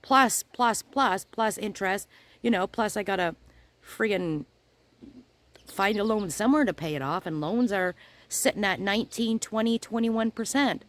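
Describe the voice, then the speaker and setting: A woman's voice: medium pitch, moderate pace. A middle-aged woman, hosting her crochet channel and chatting casually as she tells a story, acting out both sides of each conversation.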